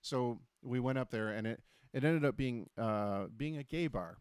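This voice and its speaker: Male talk show host, mid-pitch, dry close sound, loose jokey storyteller. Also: clear, resonant tone, no echo. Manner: chatty storyteller, quick and jokey with many restarts. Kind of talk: casual chat.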